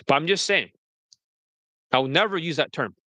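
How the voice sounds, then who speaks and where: A man with a bright, forceful voice that sits a little high for a man, recorded close and dry. He talks bluntly on a livestream, moving between casual chat and a polished marketer's pitch. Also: normal speed, no echo. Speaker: dating coach.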